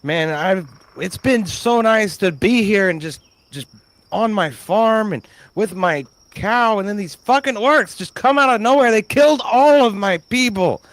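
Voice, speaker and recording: A man's voice: on the high side, brisk, few pauses, a bit bright, dry recording, voice pushed up. A man voicing a grizzled, bald older farmer who has been beaten and is distraught and pleading.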